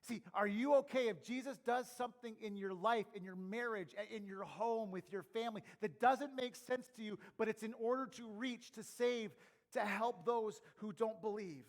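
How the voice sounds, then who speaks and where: A middle-aged male pastor with a high voice preaches at normal speed, shifting between quiet, intimate asides and loud, emphatic calls.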